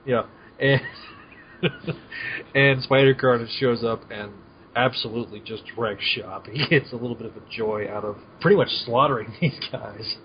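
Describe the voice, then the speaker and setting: A man's voice: mid-range voice, normal speed, slight background noise. A man co-hosting a podcast, casually summarizing a comic, easygoing and chuckling, stumbling over names. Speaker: podcast co-host. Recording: dull lo-fi mic, faint ambience.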